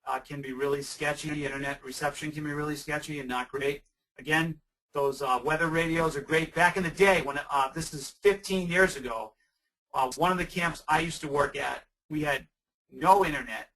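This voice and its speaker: A man's voice: on the high side, pushed and bright, far from the mic, low-quality recording. A man presenting a webinar on weather safety for camps, answering audience questions in a conversational, emphatic way with frequent restarts.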